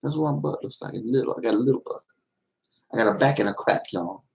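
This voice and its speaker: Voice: medium pitch, fast, vocal fry, a little mellow, a little hiss or hum, rough recording. A live-stream host in casual, playful chat with viewers, giggling often and teasing in a folksy way.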